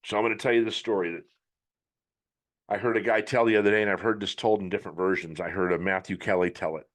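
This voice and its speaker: A man's voice: fairly low pitch, fairly even intonation, quick pace, a bit bright. A middle-aged man hosting a podcast, giving a blunt, emphatic motivational monologue with some swearing. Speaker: podcast host.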